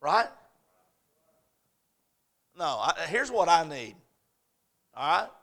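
A middle-aged preacher man delivers his sermon in a high, ringing voice. He drives his points home with force, then falls soft and quiet when he tells a story. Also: very animated, drawn-out words. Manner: emphatic, swinging between loud urgent points and soft storytelling.

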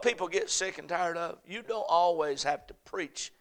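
A pastor preaching an evening sermon, rising to impassioned shouting and falling to a hushed prayer. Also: male voice, fairly high pitch, moderate pace. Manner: fervent preaching that swells to shouting, then drops to a hushed prayer.

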